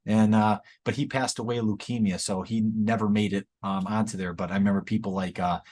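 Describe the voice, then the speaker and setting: A man's voice: fairly low pitch, little pitch movement, brisk, a little mellow. A man in his forties, a teacher and author, speaking as an enthusiastic, encouraging podcast guest. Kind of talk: casual interview chat.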